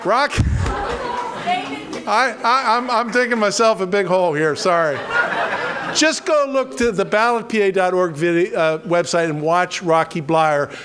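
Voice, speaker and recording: With a crowd audible behind him, a western Pennsylvania man with a notably high voice emcees a political rally at a measured pace. He stumbles through restarts, cracks self-deprecating jokes, and keeps it loose between speakers.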